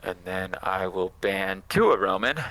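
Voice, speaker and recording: A man's voice: sits low, expressive, moderate pace, pushed and bright, rough recording. A man playing a card game opponent, easygoing, reading card text aloud and musing over his choices. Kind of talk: casual gameplay chat.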